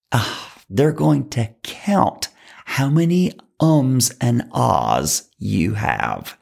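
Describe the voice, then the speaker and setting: An instructional talk from a speaking coach with a deeply gravelly, husky voice. The delivery is slow and deliberate, with wide swings in pitch. Key words get repeated for emphasis. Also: darkish tone. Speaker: public speaking coach for fundraisers.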